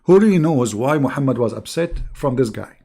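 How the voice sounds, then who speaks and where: Middle-aged guy, sarcastic mocking host, medium pitch. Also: lively intonation, fairly quick, warm tone. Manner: sarcastic, mocking, chuckling asides. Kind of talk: casual mocking commentary.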